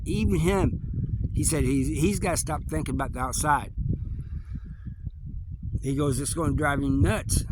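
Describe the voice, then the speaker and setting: A man with a slightly high voice tells a story in a loose, rambling way. He keeps circling back with "he goes" and "man" as he replays conversations. Clear background noise sits behind his voice. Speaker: storyteller recounting prison life. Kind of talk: casual spoken storytelling.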